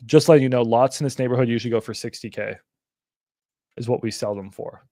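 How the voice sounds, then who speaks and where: A man's voice: medium pitch, quick pace, dark tone, dry recording, studio quality. A young man hosting a casual livestream, talking bluntly and animatedly, with frequent swearing. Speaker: livestream host.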